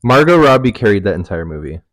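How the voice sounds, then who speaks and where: A man's voice: fairly low pitch, sing-song, fast, a bit bright, dry recording. A young adult man on a podcast with friends, teasing the others with short interjections. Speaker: podcast guest. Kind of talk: casual chat among friends.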